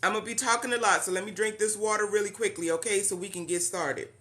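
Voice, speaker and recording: A woman's voice: mid-range voice, fairly even intonation, fast, a bit bright. A woman hosting a live-stream meeting, chatty and welcoming, greeting viewers by name and saying "y'all.". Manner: uses Southern-style "y'all".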